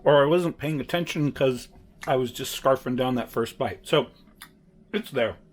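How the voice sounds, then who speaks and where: A man's voice: mid-range voice, moderate pace. Regular guy rambling thru a home cooking vlog, lots of uhs, fixes himself mid sentence. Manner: rambling, chatty, self-correcting with many fillers. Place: home kitchen.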